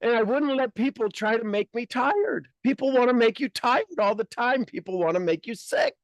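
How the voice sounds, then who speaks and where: A man hosting a casual podcast conversation as a life coach, talking in an emphatic, blunt and animated way. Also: extremely high pitch, moderate pace, no echo, clean studio sound.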